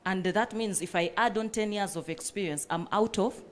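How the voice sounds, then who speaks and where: A woman's voice: mid-range voice, moderate pace. A woman panelist who runs a coffee business, speaking earnestly and with passion at a panel discussion, with many fillers.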